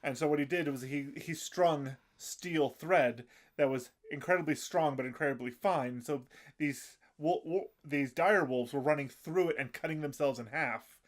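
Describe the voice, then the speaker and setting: Man haltingly recapping an anime. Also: on the high side. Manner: halting, fills gaps with um and uh. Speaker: podcast co-host. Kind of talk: casual chat recapping an anime episode.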